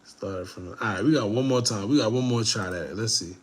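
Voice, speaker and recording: A young man with a fairly low voice talks briskly while reacting to a video for his viewers. He's breathless, laughing, and swearing casually throughout this commentary.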